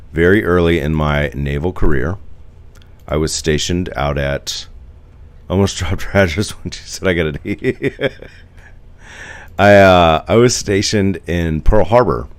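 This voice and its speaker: A man's voice: a bass voice, dry recording. A man in his forties from the United States, chatting casually on a live stream, rambling and answering viewer comments.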